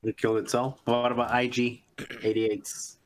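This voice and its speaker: A man's voice: medium pitch, level tone, normal speed. Man, podcast co-host, playful, jokey, casual.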